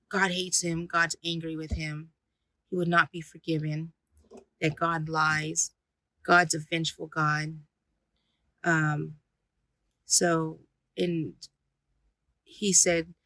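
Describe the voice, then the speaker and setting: A woman, a paranormal investigator, recounting an experience in halting speech full of fillers and restarts. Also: low voice, sharp tone, dry recording, poor audio.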